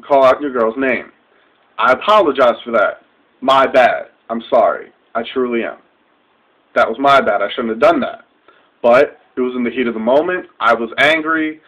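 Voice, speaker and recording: This young vlogger's voice is mid-range and a bit bright. Heated, profane and confrontational, he rants right at the camera in a dull lo-fi webcam recording.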